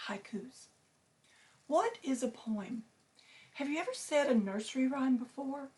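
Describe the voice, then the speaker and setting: A woman teacher reading a picture book aloud to her students, slow and clear, stressing each syllable. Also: fairly high pitch, a little mellow.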